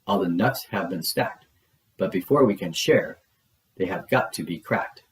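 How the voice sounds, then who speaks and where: Guy reading a kids book doing a snappy bossy little bug, kinda low voice. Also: lively intonation, unhurried, roomy sound, far from the mic, low-quality recording. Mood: gloating. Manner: snappy and commanding. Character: bossy tricky male bug, small and gleeful. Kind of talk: storybook read-aloud.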